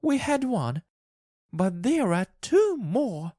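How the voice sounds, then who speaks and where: Man doing a desperate old mother, high shrill cries, storybook reading. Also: very animated, slow pace, darkish tone, dry recording, clean studio sound, exaggerated voice. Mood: frantic. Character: grieving older woman, desperate and frantic.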